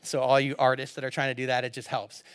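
A man's voice: mid-range voice, completely flat delivery, quick pace, clear, resonant tone, dry recording. A man preaching a sermon as a pastor, casual and joking in a conversational way.

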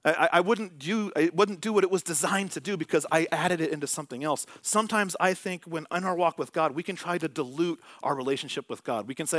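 A middle-aged male pastor preaching a sermon in a conversational storytelling manner, dropping to soft, hushed tones on key points. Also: fairly high pitch, fast talker, hardly any pauses, dry recording.

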